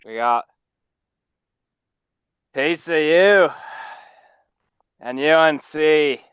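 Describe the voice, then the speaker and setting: Man as unhurried Irish fan, smooth, deadpan, dry. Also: fairly high pitch, no echo. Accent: put-on Irish. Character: laid-back Irish sports fan, adult man.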